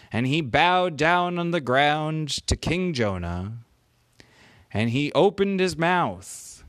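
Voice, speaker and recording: A man making up a children's bedtime story as he goes, with pauses and small self-corrections. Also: mid-range voice, dry recording.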